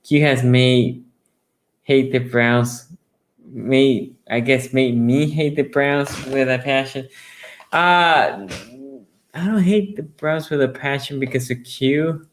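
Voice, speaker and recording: Excitable rambling sports talk host, a man. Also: slow pace, a little hiss or hum. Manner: rambling and restarting, then bursting into high excited storytelling; reads viewer comments aloud and answers them. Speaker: sports talk show host taking callers. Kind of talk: casual fan chat on a sports show.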